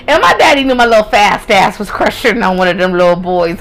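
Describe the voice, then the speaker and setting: A woman's voice: lowish voice, expressive, fast talker, hardly any pauses, background noise. Young woman, podcast host, casual storytelling, candid, swears freely, laughs a lot. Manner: candid, profane, laughs often.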